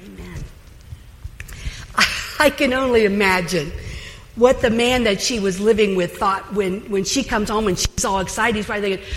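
A woman's voice: fairly high pitch, normal speed, slight background noise. A woman giving a chatty, conversational sermon as a Bible teacher. She speaks animatedly, with asides and laughter. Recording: long hall reverb.

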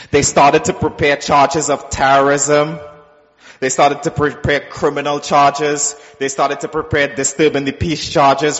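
A man telling his personal testimony to a church, acting out the voices in his story and dropping soft and low when quoting God. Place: church sanctuary. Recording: dull sound with long hall reverb.

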